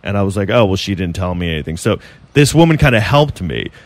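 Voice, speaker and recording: A man's voice: sits low, very animated, fast talker, no room sound. Rambling, profane man telling a story. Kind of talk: casual podcast chat.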